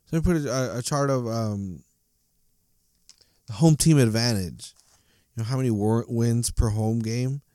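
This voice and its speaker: This soccer fan commentator's casual monologue is an angry, profane rant about his team, full of stumbles. His warm, mid-range voice is unhurried and pauses often. Clean studio sound, with no room sound.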